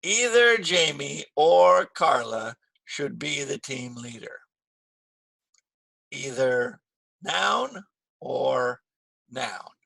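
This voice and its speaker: A man teaching an English grammar lesson, slow and patient, repeating key phrases with stress. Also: medium pitch, big pitch swings, vocal fry, sharp tone, no echo.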